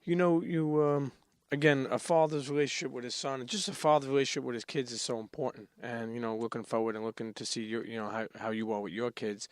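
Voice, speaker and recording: A man's voice: mid-range voice, fairly even intonation, fast talker, dry recording, clean studio sound. A man hosting a podcast, earnest and casual, often stumbling over his words. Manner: earnest, repeats words, reads quotes aloud. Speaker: podcast host. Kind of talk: casual interview chat.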